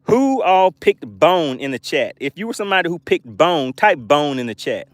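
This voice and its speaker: A man hosting a live fishing stream from a boat, excitedly commenting and reading chat messages aloud. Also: a little high, normal speed, no echo. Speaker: fishing livestream host.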